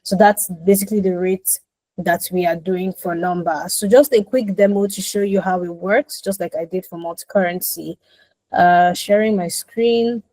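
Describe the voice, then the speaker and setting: Woman, webinar presenter, mellow voice, dry video-call sound, unhurried with ums. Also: fairly low pitch, no echo, rough recording. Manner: explanatory, frequent ums, self-corrections. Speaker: product presenter. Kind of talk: webinar demo explanation.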